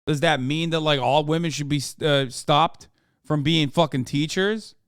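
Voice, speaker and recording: A male streamer with a fairly high, smooth voice rambles through sarcastic livestream commentary, swearing freely. The sound is dry and close. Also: a little slow, a bit bright, no echo. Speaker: streamer host.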